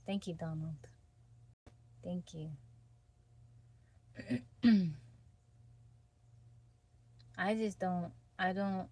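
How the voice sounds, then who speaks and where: Female streamer, low-pitched, laid-back, greets chat between stories. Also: extremely slow, pauses often, darkish tone, no echo. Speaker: livestream host. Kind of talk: casual chat with viewers. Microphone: phone.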